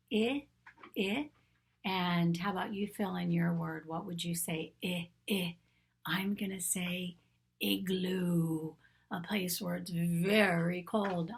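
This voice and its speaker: A woman teacher, gently leading young children through a vowel lesson and sounding out each letter. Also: lowish voice, gravelly. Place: home classroom setup.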